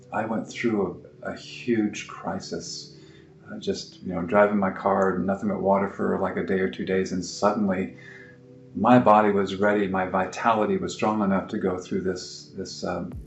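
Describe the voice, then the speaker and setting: A middle-aged man explaining his clinic's approach in a halting, informal way, full of fillers and restarts. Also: low voice, creaky. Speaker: naturopathic clinic practitioner. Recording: roomy echo with faint music.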